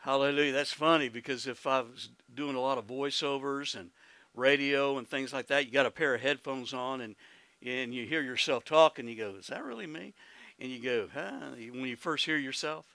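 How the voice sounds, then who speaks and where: A man's voice: medium pitch, fairly even intonation, moderate pace, sharp tone, no room sound. A man with an Oklahoman accent preaching a sermon as pastor, folksy and exclamatory, calling out to the congregation and breaking into laughs and hallelujahs. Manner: laughs easily, calls out to congregation.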